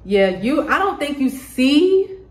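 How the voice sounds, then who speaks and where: Give me an excitable woman reading tarot cards, casual and profane, with a roomy echo. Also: high voice, takes it slowly. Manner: excitable, swears freely, laughs often. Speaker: tarot reader.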